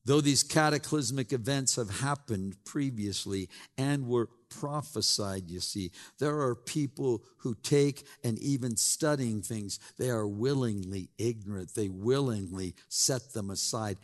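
A man pastor preaching a sermon with dramatic storytelling, swinging between loud emphasis and hushed lines. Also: fairly low pitch, measured pace, few pauses. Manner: dramatic storytelling, voicing townspeople and Noah, sweeping emphasis.

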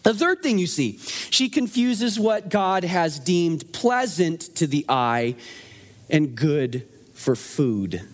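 A man preaching a sermon in a conversational, animated way, asking the room rhetorical questions. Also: on the high side, slow pace. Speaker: pastor.

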